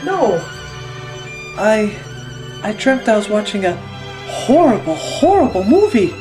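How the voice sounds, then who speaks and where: A man putting on a breathless, dreamy voice as someone waking from a dream, then bursting into shouting. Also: high-pitched, very animated, slow, over music, exaggerated voice, low-quality recording. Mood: dazed.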